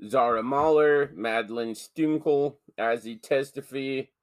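A man's voice: mid-range voice, measured pace, clean tone. Goofy, swearing male podcast host. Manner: goofy, swears casually, laughs often. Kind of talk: casual podcast banter.

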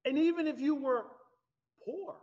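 A man preaching a sermon in an animated, conversational way. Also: very high voice, normal speed. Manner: animated, conversational preaching with laughs and acted-out quotes. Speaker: pastor. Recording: dull lo-fi sound.

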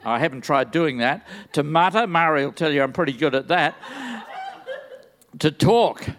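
Older man, sermon, enthusiastic, self-deprecating jokes, high voice. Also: normal speed, fairly bright tone. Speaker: guest preacher. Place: large church.

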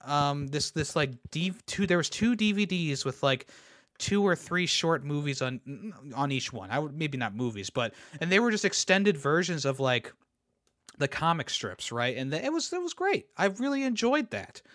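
A man's voice: a little high, very animated, moderate pace, fairly bright tone, no room sound, studio quality. A young man hosting a podcast, ranting casually about pop culture. He rambles, repeats words and laughs at his own jokes. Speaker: podcast host. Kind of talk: casual opinion rant.

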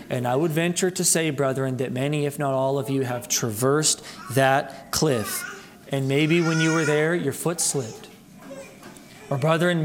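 A man preaching a sermon as pastor, earnestly calling his listeners brethren, his voice climbing high and loud for emphasis, then dropping low and quiet. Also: a little hiss or hum. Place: church sanctuary.

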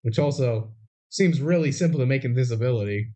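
A man's voice: mid-range voice, brisk, mellow. A young man co-hosting a podcast, chatting casually about a film with dry, wry understatement. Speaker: podcast co-host. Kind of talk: casual movie recap chat.

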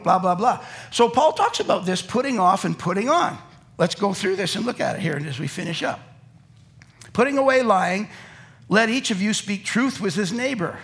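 A man's voice: high-pitched, normal speed, gravelly. A middle-aged man preaching a sermon to a live congregation in a church, telling jokes and acting out little scenes as he goes. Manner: lively, joking storyteller who acts out quotes. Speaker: pastor.

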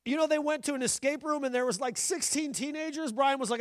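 A man's voice: extremely high pitch, quick pace, hardly any pauses, no echo, clean studio sound. A man in his thirties, a pastor, preaching a sermon in a conversational, joking style with bursts of animation.

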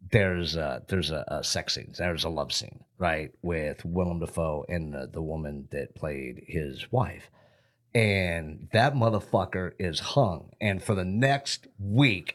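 A middle-aged man co-hosting a casual podcast chat, telling rambling, profane stories and laughing often. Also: sits low. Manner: profane, rambling storyteller who laughs a lot. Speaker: podcast co-host.

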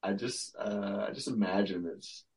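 A man, co-hosting a casual podcast, rambling through stories and tangents with a relaxed, chatty manner. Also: lowish voice, normal speed, low-quality recording. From Michigan. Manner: rambling, laughing, storytelling. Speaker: podcast co-host.

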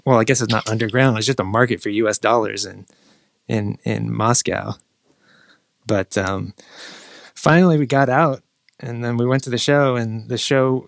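A man's voice: mid-range voice, gravelly, no echo. A man tells a story in a loose, meandering way, often stopping and restarting his sentences. His voice sits in a middle range, and the recording is close and dry. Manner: rambling storyteller with many restarts, mimics people in quotes. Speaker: guest telling a travel story. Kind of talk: casual podcast chat.

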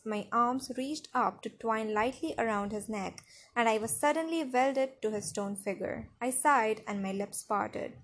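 A woman narrating a novel in the first person, with expressive storytelling. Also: fairly high pitch.

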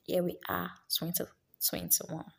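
Slow, gravelly woman giving a pep talk. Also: fairly low pitch, completely flat delivery, heavy background noise. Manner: unhurried, earnest, often drops to a whisper. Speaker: speaker giving an encouragement talk. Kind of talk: casual motivational talk.

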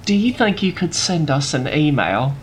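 A man co-hosting a casual podcast, presenting his research in a relaxed, chuckling way. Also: on the high side, normal speed, slight background noise. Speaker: podcast co-host presenting the topic.

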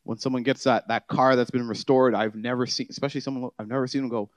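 A man preaching a conversational sermon, shifting from quiet, easygoing asides to emphatic, rising declarations. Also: mid-range voice, fairly even intonation, fast talker, hardly any pauses, dry recording. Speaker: pastor.

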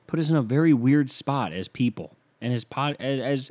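A man's voice: medium pitch, fairly quick, hardly any pauses, a little mellow. A young man hosting a comedy podcast, telling rambling, self-mocking stories into a microphone. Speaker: podcast host. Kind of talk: comedic solo podcast monologue. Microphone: studio microphone.

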